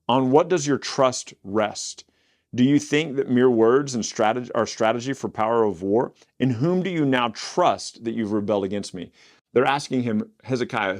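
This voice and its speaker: A man's voice: lowish voice, a little mellow. A man reading Bible passages aloud and stopping to explain them in a casual, conversational way. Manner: reads scripture aloud, breaks off to explain in casual slang. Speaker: Bible teacher.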